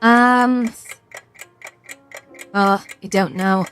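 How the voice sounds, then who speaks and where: A woman's voice: medium pitch, fairly even intonation, extremely slow, a bit bright. A young British woman streaming a quiz game, chatting casually, reading questions aloud and stumbling over hard words with a self-mocking, swearing manner.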